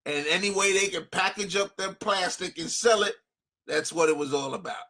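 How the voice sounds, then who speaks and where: Bright man explaining calmly. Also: sits high, normal speed. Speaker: guest musician.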